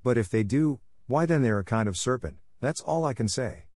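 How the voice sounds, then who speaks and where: Man putting on a fussy mother pigeon, shrill, complaining, storybook reading, dry close sound. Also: lively intonation, normal speed, darkish tone, dry recording, close to an everyday voice. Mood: indignant.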